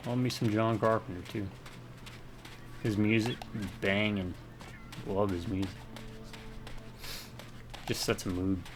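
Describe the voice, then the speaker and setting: A man's voice: on the low side, level tone, slow pace, long pauses, over music. A man from the American South rambling casually while commenting on his gameplay. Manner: rambling, chatty, self-deprecating. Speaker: let's play gamer.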